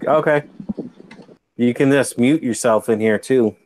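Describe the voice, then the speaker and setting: A man with a mid-range, slightly slow and mellow voice reads viewer comments aloud on a fishkeeping livestream, a little hiss or hum audible from his computer mic. He's at home on a video call, tired and yawning, with a drawling, jokey, laid-back manner.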